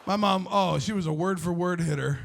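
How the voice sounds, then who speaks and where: A man in his forties doing a stand-up comedy set, brash and loud with crude storytelling. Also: high voice, a little fast, gravelly. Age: 40s.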